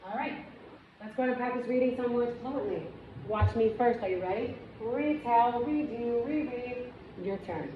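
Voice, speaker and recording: A woman reading teacher giving a demonstration lesson, with clear, encouraging, step-by-step instructions and asides to other teachers. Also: fairly high pitch, moderate pace. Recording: echoey room, dull and noisy sound.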